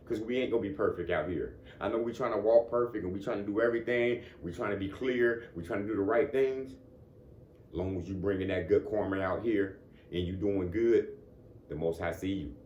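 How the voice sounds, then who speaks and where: Low-pitched and darkish in tone, a man delivers a casual motivational talk, with slight background noise and the echo of the room audible. He speaks conversationally, frequently asking "you know what I'm saying," with chuckles between points.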